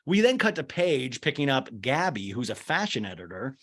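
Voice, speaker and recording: A man's voice: medium pitch, normal speed. A man hosting a podcast, recapping reality TV in comedic, joking chat and putting on voices now and then. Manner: animated, joking, slips into voices for the people he describes. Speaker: podcast host.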